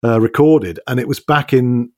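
A man's voice: mid-range voice, normal speed, darkish tone, dry recording. Chatty man, dry close sound. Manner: chatty, self-deprecating, many restarts. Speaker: audiobook narrator and podcast host. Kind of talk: casual conversational interview.

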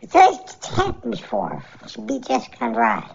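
A woman giving casual, joking MMA fight picks and grades, animated and laughing often, on a dull lo-fi recording. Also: medium pitch, moderate pace, gravelly, a little hiss or hum.

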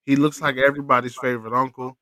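A man co-hosting a casual sports podcast, animated and profane, teasing his co-host. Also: mid-range voice, fast, no room sound.

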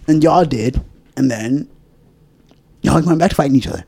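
A man's voice: on the high side, animated, normal speed, creaky, pauses often, a little mellow, breathy edge. A man hosting a casual podcast chat, ranting profanely and laughing often.

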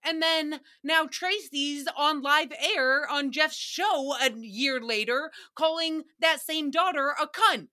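A young adult woman hosts a casual recap podcast, talking in a loose, rambling way. Her voice sits a bit high, and its tone is bright and sharp. She swears freely and often breaks into laughter. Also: slow pace, few pauses. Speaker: podcast host.

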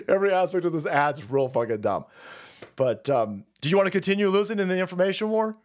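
A middle-aged man hosting a live stream, rambling through a foul-mouthed rant and calling his viewers "boys." His speaking voice sits somewhat high for a man. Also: sing-song, normal speed. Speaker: streamer host. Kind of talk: casual ranting stream.

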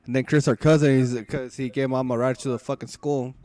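A young man joins a casual podcast chat with blunt, profane remarks. He has a middle-pitched male voice and an ordinary pace. He speaks plainly and directly. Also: little pitch movement, brisk, darkish tone. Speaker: podcast co-host.

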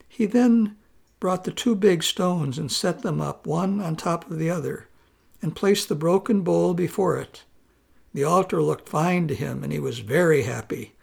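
Brief: male storyteller, high-ish voice with gravelly fry, calm measured reading. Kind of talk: storytelling narration.

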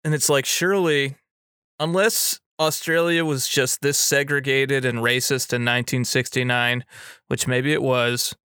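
A man co-hosting a podcast in casual chat, thoughtful and measured, with lots of fillers. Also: mid-range voice, fairly even intonation, sharp tone, clean tone, no room sound, studio quality. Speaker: podcast co-host.

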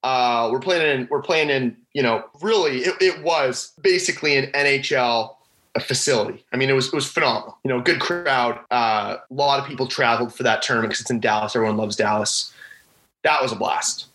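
Bright-voiced young man telling a story. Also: medium pitch, a little fast, rough recording. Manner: animated, acts out the voices of friends in his story. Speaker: former college hockey player. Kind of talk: casual storytelling interview.

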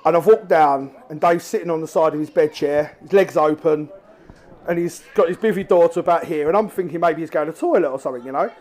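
A man telling animated, laughing stories as a guest angler at a live talk on stage. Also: fairly high pitch, quick pace.

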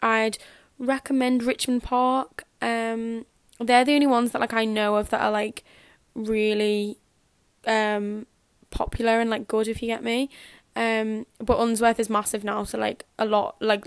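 A woman's voice: a little high, flat delivery, moderate pace, dry recording. A young woman with a Scouse accent, rambling in a casual podcast chat full of fillers. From Liverpool area. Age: young adult. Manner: rambling, filler-heavy, chatty. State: dry throat. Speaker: podcast host.

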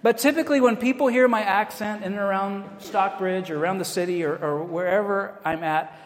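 An American man delivers a sermon in a relaxed, conversational way, dropping in self-deprecating asides. His voice sits a touch high for a man. The sound carries the long, echoey reverb of a large hall. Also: a little fast. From United States. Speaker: pastor.

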